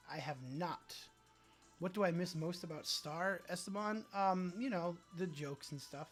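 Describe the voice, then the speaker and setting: A man's voice: moderate pace, soft background music. A man hosting a casual livestream, reading viewer comments aloud and reacting dryly. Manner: low-key, dry, reads comments aloud and reacts. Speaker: livestream host.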